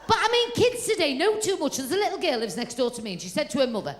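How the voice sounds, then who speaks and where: A woman with a Liverpool accent doing stand-up comedy, telling stories deadpan with punchy asides. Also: high voice, fast talker, few pauses.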